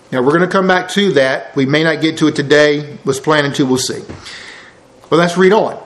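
A preacher with a notably high voice reads scripture aloud and breaks in with homespun explanations. His delivery is casual and conversational, drifting now and then from the mic. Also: rough recording. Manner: folksy, explains verses line by line with asides. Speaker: preacher teaching a Bible study. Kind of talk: sermon.

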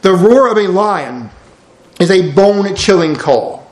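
Preacher guy, high voice, folksy and emphatic, echoey church hall. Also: animated, a little slow. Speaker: pastor. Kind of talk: sermon. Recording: roomy church hall sound.

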